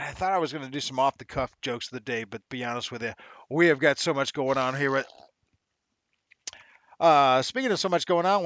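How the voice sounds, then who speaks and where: A man's voice: fairly high pitch, fairly bright tone, no echo. A man hosting a casual livestream show, chatty and upbeat, laughing often and using slang. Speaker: live show host.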